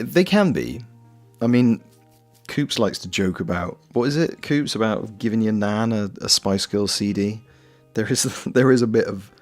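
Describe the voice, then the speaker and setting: A young Welsh man with a Welsh accent, chatting casually and jokily while knitting on a stream, swearing freely. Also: on the low side. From Wales. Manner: rambling, jokey, swears freely. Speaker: streamer and voice actor. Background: faint lo-fi music.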